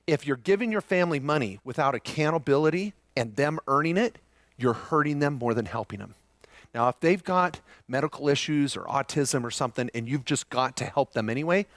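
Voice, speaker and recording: A middle-aged man giving a live seminar talk to a room of listeners, lively and joking, often questioning the audience. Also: mid-range voice, dry recording. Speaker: seminar presenter.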